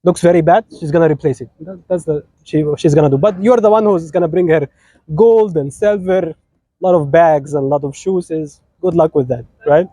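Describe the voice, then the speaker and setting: A man's voice: on the high side, a little fast, warm tone, dry recording. A man with an Egyptian accent, a native Arabic speaker, giving an informal wedding sermon in a chatty, teasing way, often asking "right?". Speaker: officiant giving a wedding talk.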